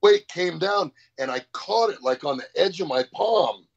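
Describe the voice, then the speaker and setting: Gravelly, profane man telling a story. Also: a little high, expressive, normal speed. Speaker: powerlifter guest. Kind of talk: casual storytelling interview. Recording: dull lo-fi sound.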